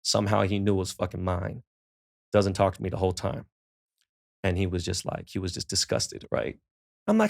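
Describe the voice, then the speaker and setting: A middle-aged man with a low, gravelly voice, spinning profane stories as a podcast guest. He slips into the people he quotes as he talks, keeping it loose and laid-back throughout. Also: animated, fairly quick. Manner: profane, laid-back storyteller who acts out quoted dialogue. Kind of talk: casual storytelling in a podcast interview.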